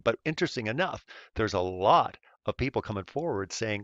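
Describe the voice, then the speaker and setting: A man's voice: on the low side, animated, brisk, hardly any pauses, a bit bright, no room sound. A man hosting a casual commentary video, speaking in a sarcastic, mocking way. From Canada. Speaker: host. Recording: dull lo-fi recording.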